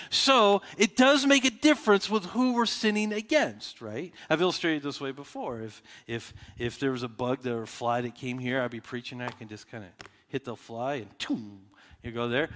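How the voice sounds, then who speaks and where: A man's voice: medium pitch, moderate pace, a bit bright. A man preaching a sermon as pastor, talking conversationally with frequent restarts and rhetorical questions to his congregation. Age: adult with children. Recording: reverberant hall.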